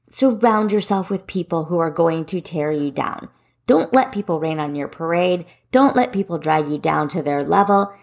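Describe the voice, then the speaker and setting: A woman in her forties hosts a solo podcast as a running coach, offering running tips in a direct, encouraging way. Her voice is medium-pitched and a little mellow, with some vocal fry.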